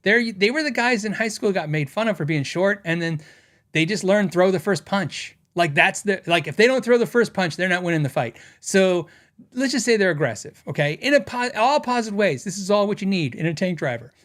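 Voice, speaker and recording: Middle-aged guy hosting a podcast, kinda high voice, rambly, lots of ums and uhs. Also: lively intonation, a little fast, a bit bright. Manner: rambling storytelling with frequent fillers and laughs. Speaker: podcast host. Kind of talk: casual podcast chat reading comments.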